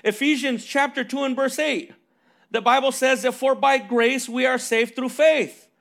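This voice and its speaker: A man's voice: very high voice, fairly even intonation, a little slow, creaky, a bit bright. A man preaching a sermon, reading scripture and asking rhetorical questions punctuated with "amen" and "right?".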